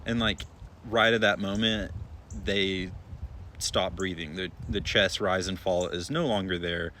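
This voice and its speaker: A young man, an emergency room nurse, telling a story to his followers in a chatty, relaxed way with lots of filler words. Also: low voice, unhurried, slight background noise.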